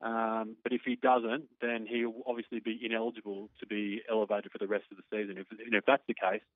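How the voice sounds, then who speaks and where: Fast-talking Australian man on a phone line. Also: lowish voice, level tone, no room sound. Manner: chatty, quick storytelling. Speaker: sports correspondent. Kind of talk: sports radio report. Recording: tinny phone line, dry.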